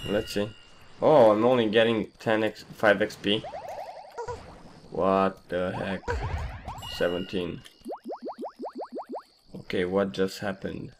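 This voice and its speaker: A man hosting a casual gameplay commentary, his voice partly lost, rambling and trailing off quietly. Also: fairly low pitch, level tone, takes it slowly, long pauses, over music. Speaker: gaming channel host.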